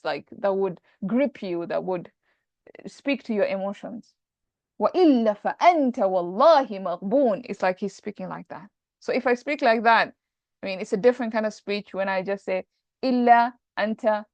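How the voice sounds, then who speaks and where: A woman's voice: mid-range voice, quick pace, darkish tone, dry recording. A woman teaching an Arabic grammar class, explaining step by step and mixing English with Arabic terms.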